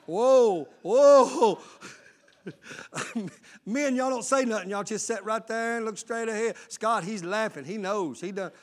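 A male pastor with a very high voice for a man delivers a sermon. He preaches with fervor, calls out questions to the congregation and bursts into shouts. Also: moderate pace, few pauses. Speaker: lead pastor.

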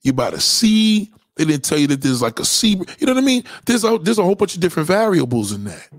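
Speaking fast in a voice on the high side, a man delivers a comedic, profane rant to camera, full of heavy swearing and street slang. He tells stories in an animated way, acting out the voices he quotes. The studio-quality recording is dry.

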